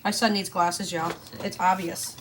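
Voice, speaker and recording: A woman's voice: on the low side, little pitch movement, unhurried, background noise. A woman, chatting casually and folksily to her viewers while stuffing cash envelopes. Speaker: budgeting vlogger. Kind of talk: casual chat to camera.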